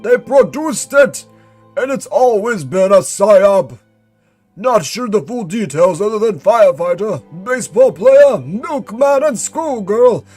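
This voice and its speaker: A high-pitched, conspiratorial male agent, as a man puts him on, rattling off secret findings with theatrical urgency. The voice sits well above a typical man's and stays tense and secretive, with faint music underneath. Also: darkish tone. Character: male employee number fifty-three, conspiracy-minded agent. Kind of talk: dramatic reading of a mystery log.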